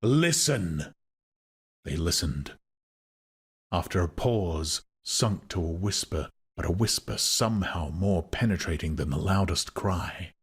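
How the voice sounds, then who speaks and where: A man reading a novel aloud in measured, expressive scripted narration. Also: low-pitched, breathy edge. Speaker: audiobook narrator.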